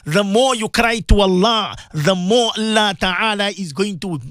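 A man's voice: high voice, unhurried, a bit bright, no room sound. A man, an Islamic cleric hosting a radio advice talk, speaking in an impassioned, pleading, repetitive preacher's manner.

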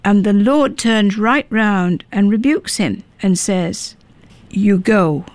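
A woman preaching with earnest, pleading intensity, pressing her listeners with question after question. Her voice sits at an ordinary pitch. The recording is dry and close, with little room sound. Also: slow pace, no echo. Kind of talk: sermon.

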